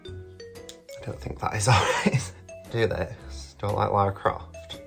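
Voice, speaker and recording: A man's voice: fairly low pitch, fairly even intonation, takes it slowly, creaky, a bit bright, faint music behind. Chatty, foul-mouthed British man. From United Kingdom. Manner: chatty, swears freely, many fillers. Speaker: drag queen vlogger. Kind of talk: casual storytelling.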